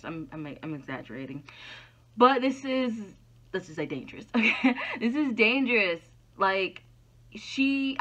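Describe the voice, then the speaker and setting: Talking to camera with candor, this woman runs an opinion vlog on YouTube, asking herself rhetorical questions and then answering them. Her voice is medium-pitched and sharp, and the audio is dull and lo-fi.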